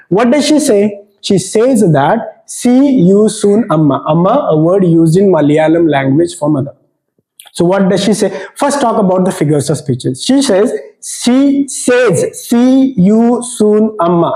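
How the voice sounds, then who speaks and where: High-voiced man teaching a poem. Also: dark tone, poor audio. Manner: explanatory, repeats key phrases for emphasis. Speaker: English teacher. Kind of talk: poetry lesson explaining exam answers.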